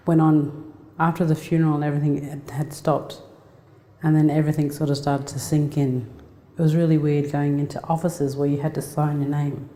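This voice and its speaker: A woman's voice: low voice, mellow. A woman, giving a heartfelt, conversational talk as a guest speaker and telling personal stories with many restarts. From Australia. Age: 40s. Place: lecture hall. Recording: echoey lecture hall reverb.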